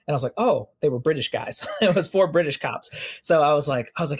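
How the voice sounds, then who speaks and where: A young American man telling stories as a podcast guest, with a gravelly, husky voice. He talks casually and animates his stories by acting out the people he quotes. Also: medium pitch, fast talker. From United States. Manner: animated storyteller who acts out quoted exchanges. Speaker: podcast guest, police officer. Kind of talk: casual storytelling in an interview.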